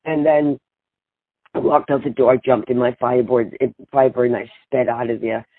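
Older woman, brash storyteller, husky voice, tinny phone line. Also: a bass voice, moderate pace, no echo. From Boston. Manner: brash, animated, laughs often. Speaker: guest, singer and author. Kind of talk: storytelling interview.

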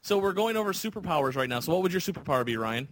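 A man with a slightly high voice hosts a casual podcast chat. He rambles eagerly and restarts his sentences often. A faint hiss sits under the recording. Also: expressive, very fast, a bit bright. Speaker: podcast host.

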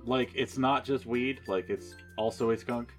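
A man's voice: mid-range voice, fairly even intonation, a little slow, faint music behind. A man playing a tabletop role-playing game, talking in a blunt, exasperated way. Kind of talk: in-character tabletop role-play.

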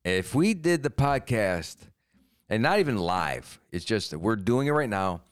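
A man's voice: fairly low pitch, sing-song, a little slow, clean tone. A man co-hosting a comedy podcast, rambling through absurd schemes in casual chat. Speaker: podcast co-host.

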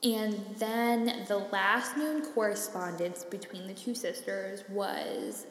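A woman's voice: mid-range voice, slow, a little hiss or hum. A young woman co-hosting a podcast in casual chat, chatty, with frequent laughs and fillers. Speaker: podcast co-host. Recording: echoey room with long reverb.

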